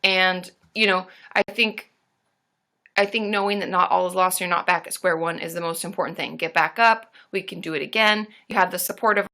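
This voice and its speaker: Woman therapist, livestream host, bright forceful tone, bubbly and casual, cheers viewers. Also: lowish voice, fairly even intonation, a little fast, vocal fry. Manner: bubbly, cheers viewers with squealed woo woos, swears casually.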